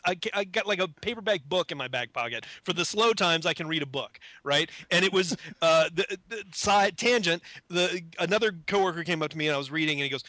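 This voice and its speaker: Self-mocking male storyteller, animated and bright, close dry sound. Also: high-pitched, a little fast, few pauses, no echo. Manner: self-mocking, animated, acts out his own shocked voice. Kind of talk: casual anecdote.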